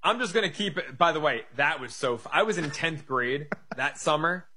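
Bright, husky-voiced male co-host. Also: on the high side, animated, normal speed. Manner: stammers on restarts, wry and chatty. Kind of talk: casual sports chat.

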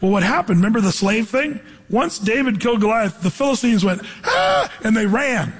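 Husky high-voiced man preaching in reverb. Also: a little fast. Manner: animated preaching, quotes scripture and acts out voices. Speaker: pastor. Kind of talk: sermon.

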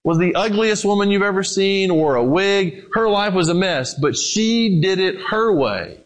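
A man preaching a sermon in a conversational way, moving between loud emphasis and quiet, low passages. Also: animated, unhurried, poor audio.

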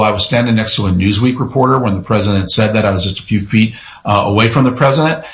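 A man with a fairly low voice recounts events as a guest on a talk radio show. He tells the story vividly and acts out what people shouted. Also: slight background noise, poor audio. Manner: animated storyteller who acts out quotes. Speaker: radio show guest, former press secretary. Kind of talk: conversational interview storytelling.

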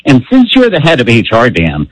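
A man's voice: medium pitch, huge pitch swings, a little fast, no echo, rough recording. A man calling in to a radio show, joking and rambling. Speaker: caller.

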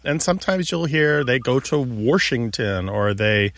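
A man's voice: medium pitch, expressive, moderate pace, creaky, a bit bright. A man co-hosting a radio talk show, patiently explaining how words are used. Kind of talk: casual explanatory radio chat. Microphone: studio microphone.

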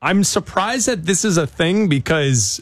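A male sports radio host chats casually and trades opinions, often pausing on fillers. His pitch is lively and a bit high, and the studio sound is dry and close. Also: dry recording. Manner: hesitant, opinionated, with many fillers.

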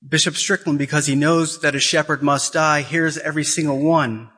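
A man delivers an impassioned sermon in a bright, forceful voice that sits a little high. He acts out quoted conversations as he preaches. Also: steady tone, normal speed, breathy edge. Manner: emotional, rising to high-pitched pleading.

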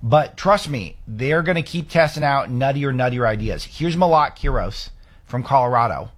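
A man's voice: mid-range voice, lively intonation, moderate pace. A man hosting a political talk show, delivering commentary with emphatic, sarcastic rhetorical questions.

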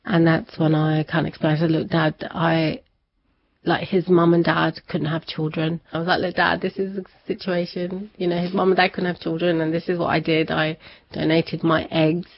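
A deep, gravelly voice with flat delivery and normal speed belongs to a woman guest sharing a personal story in conversation. Chatty and quick to laugh, she acts out people's quoted voices. The recording sounds dull and lo-fi.

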